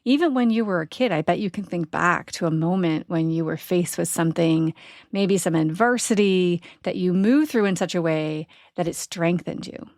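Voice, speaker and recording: A middle-aged woman hosts a podcast, sharing a personal story in an earnest, reflective way, frequently asking "right?" and laughing. Her voice is fairly low and darkish, spoken at normal speed, in a dry studio-quality recording.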